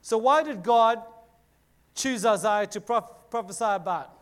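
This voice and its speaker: Casual high-voiced man teaching scripture. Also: a little slow. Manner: casual, dramatic scripture reading with filler words. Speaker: youth preacher. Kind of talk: Bible teaching talk to a group.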